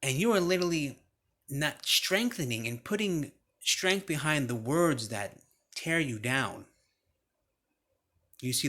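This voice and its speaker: A man delivering a motivational speech at a mid pitch, talking casually with the odd swear word. He pushes his points with forceful emphasis. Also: expressive, unhurried. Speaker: motivational speaker.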